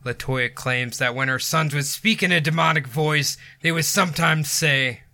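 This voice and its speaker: Podcast host, male, very bright and a bit high, jokey storyteller who laughs a lot. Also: normal speed. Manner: jokey, laughs often between lines.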